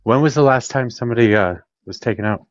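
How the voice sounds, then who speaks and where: A man's voice: mid-range voice, fast, dry recording, muffled recording. A man hosting a casual political debate, blunt and pressing his questions over and over. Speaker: debate show host.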